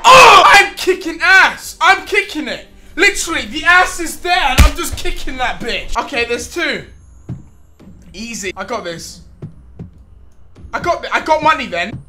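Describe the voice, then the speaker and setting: A man doing comedic gaming vlog commentary, loud and swearing in frustrated outbursts. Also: very high voice, animated, normal speed, long pauses, music in the background. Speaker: gaming YouTuber.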